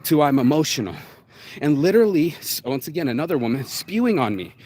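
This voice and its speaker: A man hosting his own show, ranting bluntly in a solo monologue, swearing often and jumping suddenly up and down in pitch. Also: very animated, fast talker, dark tone, no echo. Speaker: show host.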